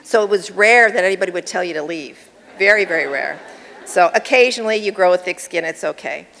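A woman's voice: medium pitch, a bit bright. A middle-aged woman giving an award acceptance speech in a personal, chatty way, with laughs between her remarks. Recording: long hall reverb with crowd behind.

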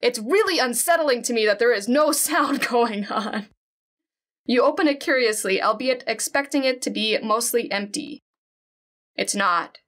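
A woman's voice: fairly high pitch, unhurried, fairly bright tone. Chatty woman gamer reading game text. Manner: chatty and jumpy, reacts aloud while reading the story. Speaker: let's play gamer. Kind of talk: let's play commentary, reading game text aloud.

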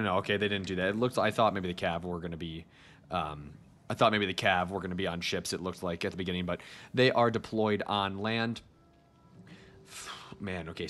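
A man's voice: lowish voice, fairly bright tone. A man giving casual gameplay commentary as a video host, chatting straight to his viewers.

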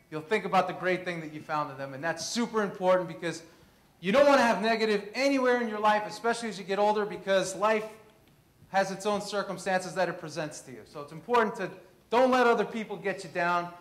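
A man in his thirties from Queens, giving an animated storytelling presentation. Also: high-pitched, fast talker. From Queens, New York. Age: 30s. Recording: echoey room.

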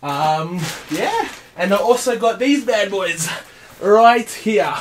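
An excitable man chatting casually through a console unboxing for his vlog, calling everyone mate. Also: high voice, slow. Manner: excitable, says mate a lot. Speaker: gaming vlogger.

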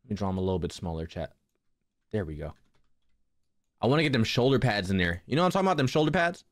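Very animated and quick, this young man's fairly low voice is recorded with clean studio sound and no echo. Hosting a casual drawing livestream, he laughs, swears and banters with viewers.

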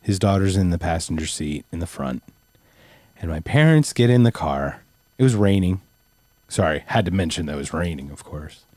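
A man's voice: low voice, animated, normal speed, a little mellow, no room sound, clean studio sound. A man in his forties co-hosting a podcast, telling a family story in casual chat, laughing often and swearing freely. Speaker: podcast co-host.

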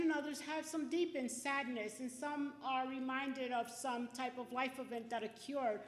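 Encouraging female host, high pitch, roomy reverb. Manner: encouraging, conversational remarks. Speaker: event host. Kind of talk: hosting a poetry reading. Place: library event room. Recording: echoey hall, reverberant.

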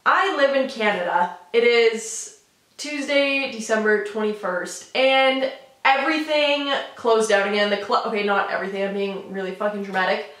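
A woman's voice: fairly high pitch, fairly bright tone. Chatty young woman on a roomy camera mic. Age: young adult. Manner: casual, swearing, lots of "like" and "literally". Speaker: vlogger. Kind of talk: casual chatty vlog. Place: her room at home. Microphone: camera mic, no external mic. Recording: roomy, distant camera audio.

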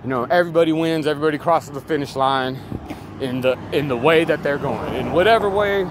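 Standing near traffic, a man vlogs in a rambling, emphatic monologue laced with profanity. His voice is a little high and fairly quick, and the street and vehicle noise is loud.

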